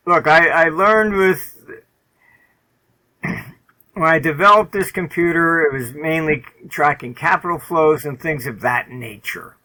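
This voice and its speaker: Blunt rambling man, bright tone. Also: mid-range voice, poor audio. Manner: blunt, rambling, many "um" and "you know" fillers, swears. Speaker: interview guest, market forecaster. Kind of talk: casual interview talk, storytelling.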